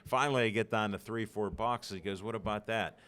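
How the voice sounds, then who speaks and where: Fairly low in pitch and fairly bright, an older man's voice runs a little fast. He's from Pittsburgh, USA, appearing as a podcast guest who tells stories animatedly and acts out the lines.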